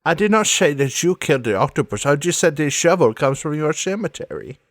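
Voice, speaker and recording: A man's voice: a little high, expressive, brisk, no echo, studio quality, close to an everyday voice. A man putting on a coy teasing woman. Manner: playful, mock-sultry, calls others darling. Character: sly flirtatious adult woman, teasing and evasive.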